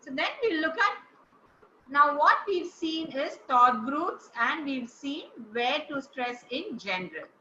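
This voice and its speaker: A woman's voice: sits high, expressive, slow, pushed and bright, a little hiss or hum. A woman teaching intonation to a class, encouraging and praising students as she goes. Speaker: speech trainer. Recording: roomy, dull-sounding recording.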